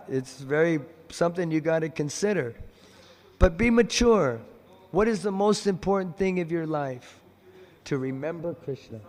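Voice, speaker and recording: Man telling devotional stories in a temple hall. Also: on the high side. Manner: animated storyteller who acts out the voices in his stories. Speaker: visiting speaker at a temple. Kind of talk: devotional lecture with storytelling. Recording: long temple hall reverb.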